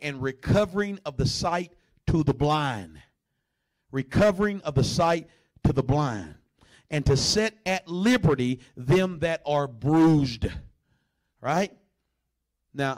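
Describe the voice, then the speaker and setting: Preaching in a voice that runs notably high for a man, this pastor swings between conversational remarks and powerful, rising outbursts. At times he imitates a dog with a growl.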